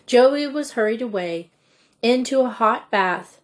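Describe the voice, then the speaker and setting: A woman reading a children's storybook aloud in a measured, deliberate way. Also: on the high side, animated. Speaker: audiobook reader. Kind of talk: storybook narration.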